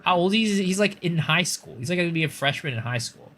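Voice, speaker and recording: A young man streaming games, chatting casually and telling long rambling stories full of fillers, getting loud and exasperated when he rants. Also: a little high, animated, fast talker. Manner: rambling anecdotal storytelling with many fillers. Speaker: game streamer. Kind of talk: casual live-stream chat.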